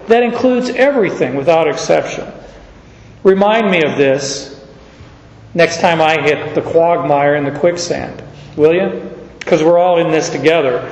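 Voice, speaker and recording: A man preaching a sermon in a loose, conversational way, his voice sitting a little high for a man. He tells stories with easy fillers and pauses. The recording is dull and lo-fi, with long reverb from a large hall. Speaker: pastor.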